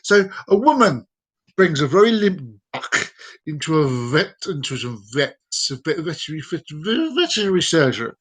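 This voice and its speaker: A man's voice: fairly high pitch, sing-song, moderate pace, a bit bright, husky. A man hosting a live stream, telling jokes with chatty asides and laughing along. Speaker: host. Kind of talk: joke telling.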